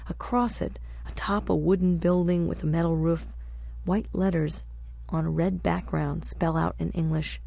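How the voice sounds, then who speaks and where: A woman reading a travel memoir aloud as a narrator, in a measured, descriptive storytelling manner. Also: on the low side, creaky, dark tone, dry recording. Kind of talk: scripted audiobook narration.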